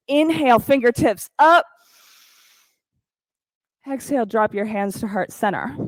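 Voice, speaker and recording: Woman yoga teacher, slow calm cues, counts breaths, kinda high voice, dry close mic. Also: no room sound, poor audio. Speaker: yoga instructor. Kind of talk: guided yoga class cues.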